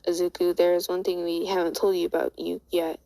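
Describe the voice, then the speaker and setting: A woman voicing a kind, forthright older woman, with a light raise of pitch and a halting, stammering delivery. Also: little pitch movement, gravelly, dark tone, no room sound, distant mic, rough recording. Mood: earnest. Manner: stammering, casual storytelling delivery.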